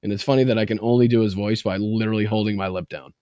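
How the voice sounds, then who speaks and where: A man's voice: on the low side, steady tone, fast, mellow, no echo, dull audio. A man hosting a live political show, reading news with sarcastic, profane, rambling asides. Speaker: political livestream host. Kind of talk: casual political commentary.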